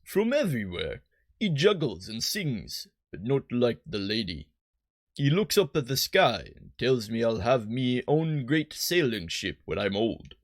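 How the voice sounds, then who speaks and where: A man voicing a shy little girl who runs an inn, speaking slowly in folksy, ungrammatical talk. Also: mid-range voice, very animated, no room sound, studio quality. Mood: dreamy. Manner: slow, drawling folksy grammar.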